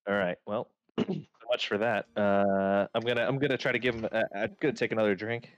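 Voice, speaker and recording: A man's voice: on the low side, steady tone, brisk, no room sound. A man playing a tabletop game, playful and a bit hesitant, on dull lo-fi audio. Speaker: player. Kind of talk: casual tabletop banter.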